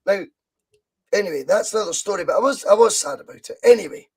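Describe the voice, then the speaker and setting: A Scottish man in his thirties hosting a casual football podcast over a video call, talking in an excitable, sweary, rambling way. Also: high voice, quick pace, creaky, breathy edge, rough recording.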